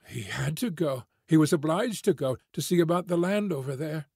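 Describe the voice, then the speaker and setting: A man voicing a young farm girl, earnest and sorrowful, speaking in a soft pleading way. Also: a little high, animated, moderate pace, gravelly, slightly rough, dry recording, clean studio sound, heavily acted.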